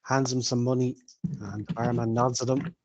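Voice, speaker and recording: A man's voice: medium pitch, level tone, moderate pace, a little mellow. A man narrating a tabletop role-playing game as game master, in a casual, chatty way over a video call.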